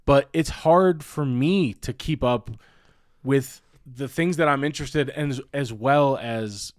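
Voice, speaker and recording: A young man trades crude, rambling jokes as a podcast co-host, his voice sitting at a middling pitch. He laughs often, and the sound is dry and close with no room around it. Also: slow pace, no room sound. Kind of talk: casual crude banter.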